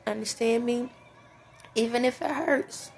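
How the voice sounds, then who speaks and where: A woman speaking earnestly in a personal vlog, tearful and halting. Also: fairly high pitch, gravelly, soft background music. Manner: tearful, earnest, faith-filled, halting with restarts. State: teary, sniffly. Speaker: vlogger. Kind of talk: emotional personal talk to camera.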